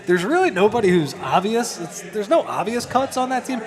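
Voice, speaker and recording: A man's voice: sits high, big pitch swings, fairly quick, a crowd in the background. A man co-hosting a live basketball draft show in a chatty, loose way, hedging as he talks. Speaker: sports podcast co-host. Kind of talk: casual live draft-night panel chat.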